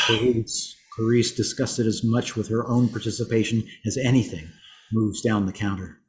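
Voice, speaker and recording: A man reading a play's stage directions aloud in a plain, even voice. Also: lowish voice, normal speed.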